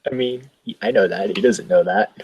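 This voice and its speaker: A man with a low voice describes his tabletop character in loose, rambling sentences, often correcting himself mid-phrase. The sound is dry and close. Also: fairly quick, darkish tone, breathy edge, no echo, dull audio. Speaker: player.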